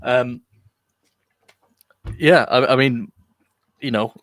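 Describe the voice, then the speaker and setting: Drawing out his words in a mid-range, slightly bright voice, a British co-host jokes and chats casually during a live online podcast recording, rambling with lots of fillers and restarts. The recording is dry.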